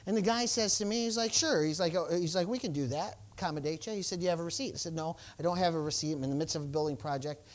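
A man's voice: fairly high pitch, racing, hardly any pauses. A male pastor preaching a sermon, telling a personal story and acting out the exchanges, with stammered restarts and bursts of praise. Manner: exclamations of praise.

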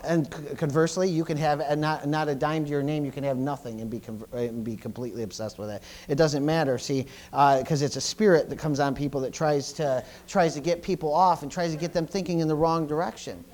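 A middle-aged male pastor preaching a sermon, often stumbling and repeating words, swinging between loud bursts and quiet asides. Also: on the high side, steady tone, a little fast, hardly any pauses.

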